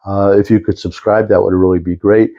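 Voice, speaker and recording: A man's voice: deep voice, little pitch movement, brisk, dark tone, highs cut off. An older man talking to camera in a rambling, meandering monologue with lots of restarts and asides. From Detroit area. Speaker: vlogger.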